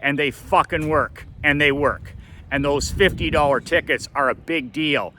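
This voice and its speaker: A middle-aged man with a bright, forceful, somewhat tense voice tells a personal story. He is emphatic and blunt, driving his points home and cursing freely along the way. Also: fairly high pitch, steady tone, moderate pace, slight background noise. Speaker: motivational coach.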